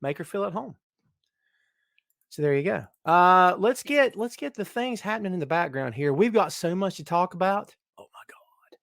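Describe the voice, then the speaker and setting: A middle-aged man with a fairly high voice hosts a live stream, bantering and shouting out his regular viewers. He is recorded dry and close, with no room sound around him. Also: lively intonation, moderate pace, vocal fry, dry recording. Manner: jokey, hyped, greeting viewers by name. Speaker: podcast host. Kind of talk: casual live-stream chat.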